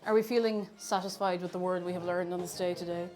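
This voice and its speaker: A woman's voice: lowish voice, steady tone, quick pace, a little mellow, soft background music. A woman chatting casually on a live stream while she cooks, playful and giggly, repeating words for fun.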